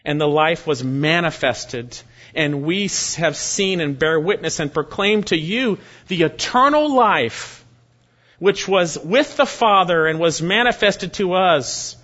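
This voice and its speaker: A man preaching an expository sermon, reading verses aloud with slow, deliberate emphasis. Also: fairly high pitch, animated, bright, forceful tone. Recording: dull lo-fi recording.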